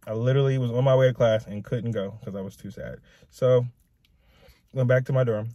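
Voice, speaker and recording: A man's voice: medium pitch, steady tone, brisk, dark tone, no echo, highs cut off. Young male vlogger, raw profane rambler, dry close sound. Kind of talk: emotional personal rant to camera.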